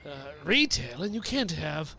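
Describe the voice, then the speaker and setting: A man speaks as a player in a tabletop game, joking and animated. His voice is high for a man and swings widely in pitch. It sounds bright and sharp. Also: unhurried, vocal fry. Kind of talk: casual tabletop play.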